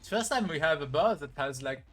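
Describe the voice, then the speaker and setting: A man's voice: a little high, lively intonation, normal speed, a bit bright, faint music behind. A man streaming a game, musing aloud in casual commentary. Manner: musing, thinking aloud with fillers.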